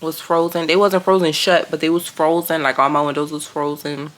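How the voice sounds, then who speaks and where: A woman chatting excitedly to camera as a vlogger, gushing and repeating phrases. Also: deep voice, a little fast. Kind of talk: casual vlog chat.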